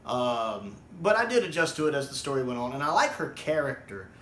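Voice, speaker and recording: A man's voice: mid-range voice, sing-song, fairly quick, a bit bright, slight background noise. Rambling man reviewing, roomy sound. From United States. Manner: rambling, with many ums and repeated words. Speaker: video reviewer. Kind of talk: casual spoken review.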